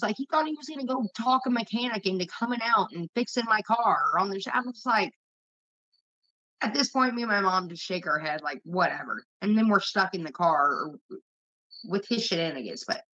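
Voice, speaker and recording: A woman's voice: mid-range voice, animated, brisk, bright, forceful tone. A woman hosting a livestream, venting casually to her chat in a blunt, heavily profane way. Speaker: livestream host. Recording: dull lo-fi stream audio.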